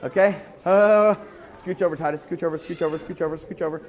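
A man leading a children's church song game, coaxing the kids and singing and shouting cues. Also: on the high side, fairly quick, a faint crowd.

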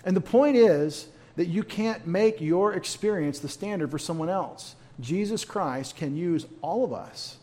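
A man's voice: high voice, animated, unhurried, few pauses, warm tone. A man leading a church Bible study in a folksy, conversational way, with humorous asides.

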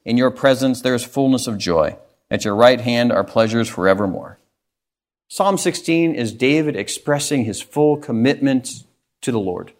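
A man's voice: medium pitch, expressive, normal speed. Man preaching an earnest sermon. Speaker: pastor.

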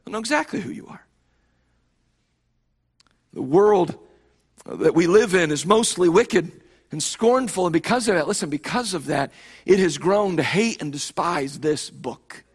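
A man's voice: high-pitched, animated, measured pace, pauses often, slightly rough. A male pastor preaching a sermon with emphatic delivery, often repeating and restarting phrases.

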